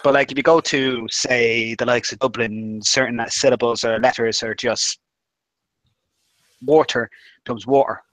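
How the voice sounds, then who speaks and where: Man, mid-pitched, offhand chatter, dead dry mic. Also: steady tone, moderate pace, hardly any pauses, fairly bright tone, no echo, poor audio. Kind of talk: casual chat.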